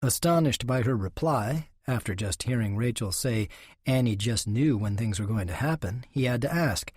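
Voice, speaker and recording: A man narrating a western audiobook in a steady, unhurried way. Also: mid-range voice, breathy edge, dry recording, studio quality.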